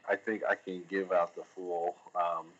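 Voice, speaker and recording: Guy filmmaker rambling on a podcast, bright voice, lots of ums and restarts. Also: deep voice, little pitch movement, unhurried, lo-fi sound. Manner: rambling, many fillers and restarts. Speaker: filmmaker guest. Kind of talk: casual podcast chat.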